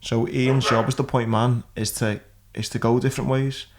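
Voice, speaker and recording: Male podcast host, flat even voice, explains things plain and casual. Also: medium pitch, normal speed, noisy background. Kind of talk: casual chat.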